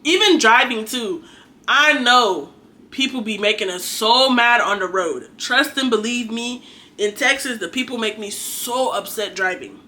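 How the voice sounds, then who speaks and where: A woman's voice: on the high side, unhurried, bright, forceful tone. A young adult woman giving an earnest, chatty faith talk to her viewers, exhorting and conversational. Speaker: faith vlogger. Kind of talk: casual preachy monologue.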